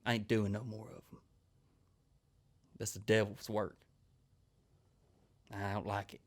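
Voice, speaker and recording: A man's voice: on the low side, flat delivery, measured pace. A man, a comedian hosting a podcast and telling crude, rambling stories full of swearing. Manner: crude, rambling, swears constantly, acts out quoted people. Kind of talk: profane storytelling monologue.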